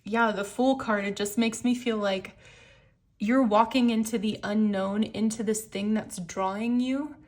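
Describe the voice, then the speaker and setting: A woman giving a casual tarot card reading, animated and excitable, laughing often. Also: medium pitch, unhurried.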